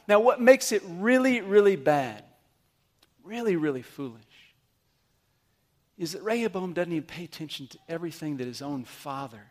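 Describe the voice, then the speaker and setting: A man with a high-pitched voice preaches to a congregation. His delivery is animated, swinging from loud emphatic bursts to soft, low asides. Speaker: pastor. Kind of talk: sermon.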